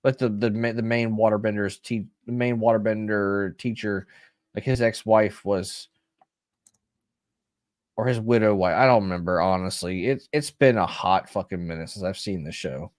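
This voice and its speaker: A man's voice: lowish voice, fairly even intonation, moderate pace, no echo, studio quality. A man from Louisiana co-hosting a casual livestream, rambling through plot recaps and correcting himself as he goes. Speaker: podcast co-host.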